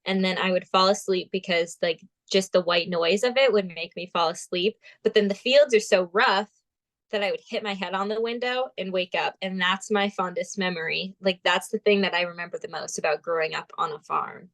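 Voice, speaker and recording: A woman in her twenties from Vermont, a pageant titleholder and guest who tells stories in an animated way and acts out the quotes. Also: fairly low pitch, moderate pace. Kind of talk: casual interview storytelling.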